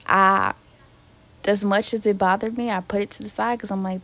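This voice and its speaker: Young woman podcast host, venting real candid and cussing, mid pitch. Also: fairly even intonation, moderate pace, a bit bright. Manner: candid, profane, talks straight to listeners. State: emotionally hurt, near tears. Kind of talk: casual solo podcast venting.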